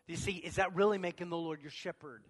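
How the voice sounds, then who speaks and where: A man preaching a sermon as pastor of a church, moving from quiet talk to shouted passages. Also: sits high, steady tone, quick pace, in a large hall.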